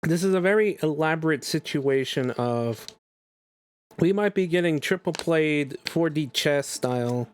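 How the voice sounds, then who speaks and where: A man chatting casually as a streamer, rambling and excitable. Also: fairly high pitch, measured pace, smooth. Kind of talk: casual chat over a game.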